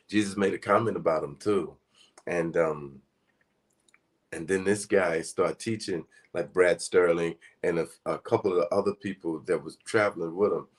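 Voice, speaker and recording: A man giving a casual spiritual teaching talk, speaking earnestly in a rambling, conversational way. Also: low-pitched.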